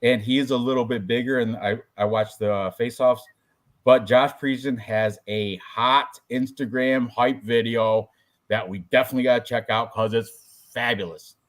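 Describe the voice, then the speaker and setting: A man's voice: medium pitch, steady tone, normal speed. A man hosting a casual podcast about fight predictions, talking loosely with crude jokes and banter. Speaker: podcast host.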